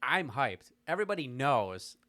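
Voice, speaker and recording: A man's voice: medium pitch, sing-song, moderate pace, pushed and bright. A young man co-hosting a podcast, teasing and telling playful stories in casual banter. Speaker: podcast co-host.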